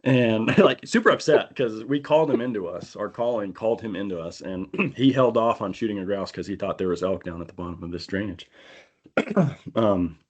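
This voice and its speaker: A man on a podcast telling a long, animated hunting-trip story in casual chat, acting out the people he quotes. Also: fairly low pitch, moderate pace. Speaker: podcast co-host. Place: indoor podcast studio.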